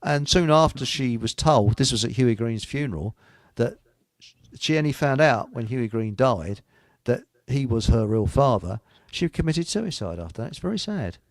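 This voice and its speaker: A man's voice: medium pitch, animated, normal speed, no echo, clean studio sound. A man hosting a casual radio chat, rambling through anecdotes with chuckles. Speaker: host.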